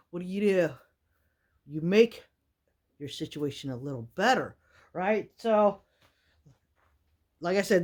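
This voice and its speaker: A woman, vlogging in a casual, rambling way with many fillers from a small wooden shack in the winter woods. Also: mid-range voice. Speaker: outdoor vlogger. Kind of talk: casual chat to camera.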